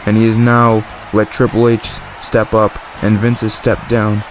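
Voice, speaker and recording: A man giving excited play-by-play commentary over a wrestling video game, calling the action as it happens. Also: fairly low pitch, measured pace, a little hiss or hum. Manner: excited, exclamatory ringside calling.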